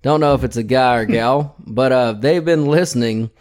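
A man's voice: mid-range voice, moderate pace, darkish tone. A man hosting a podcast in a casual, blunt style with plenty of swearing. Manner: profane, blunt, ranting. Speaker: podcast host.

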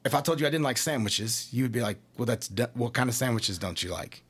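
Husky-voiced Kentucky brewery man. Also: mid-range voice, lively intonation, fast, a bit bright. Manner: explanatory, leans on analogies and acted-out quotes. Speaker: craft brewery representative. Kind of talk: casual chat.

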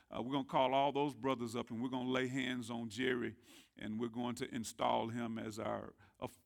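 A man preaching a sermon as pastor, calling on the congregation to answer back and swinging from quiet murmurs to loud rising shouts. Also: medium pitch, vocal fry. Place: church sanctuary.

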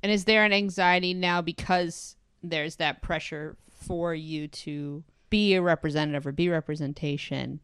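Low smooth-voiced woman podcast host. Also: fairly even intonation, normal speed, few pauses, no room sound, clean studio sound. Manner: earnest, appreciative, gently probing. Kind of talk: interview questions and chat.

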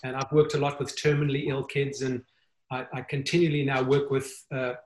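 A man's voice: medium pitch, flat delivery. Earnest man in a roomy echo. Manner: earnest, halting with frequent restarts. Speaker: guest. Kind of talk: conversational interview.

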